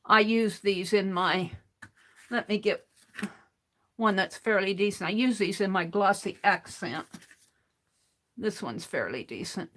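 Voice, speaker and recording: A woman's voice: mid-range voice, unhurried, long pauses, fairly bright tone. A woman hosting a craft livestream, explaining how to clean a paint bottle in a rambling way, restarting her sentences as she works with her hands.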